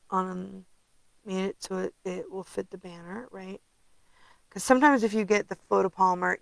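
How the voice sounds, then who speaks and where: The middle-aged woman demonstrating papercraft has a medium-pitched, creaky, fairly bright voice. She is tired and yawning, rambling casually through the tutorial with many ums. The audio is poor, with no echo.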